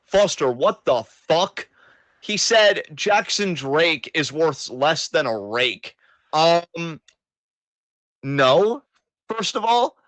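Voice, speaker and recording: A man's voice: a little high, very animated, very slow, a bit bright, no echo, low-quality recording. A man co-hosting a wrestling podcast, ranting in a casual, sarcastic, exasperated way and swearing often. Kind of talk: casual profane wrestling rant.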